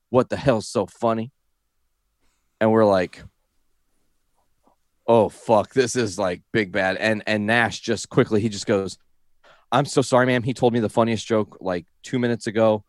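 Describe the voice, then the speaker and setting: A young man with a lowish voice tells a long story in loose, casual chat. He rambles, swears freely and keeps cracking up as he goes. The sound is close and dry, with no room behind it. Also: no echo. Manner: rambling, profane, breaks into laughter. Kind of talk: casual anecdote.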